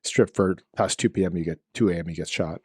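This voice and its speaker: A man in his forties co-hosting a podcast, bantering playfully and quickly. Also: deep voice, heavy background noise. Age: 40s. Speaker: podcast co-host. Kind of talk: casual chat.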